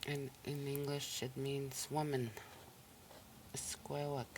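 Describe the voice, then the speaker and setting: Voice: medium pitch, slow pace, noisy background. A language teacher on a recorded listening lesson, repeating each word patiently and breaking it into syllables. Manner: patient, even explaining tone.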